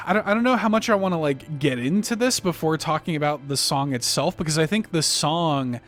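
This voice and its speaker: A man co-hosting a podcast, talking in a halting, emotional way, with many restarts and fillers. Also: fairly high pitch, fairly bright tone, faint music behind. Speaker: podcast co-host. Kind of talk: casual podcast discussion.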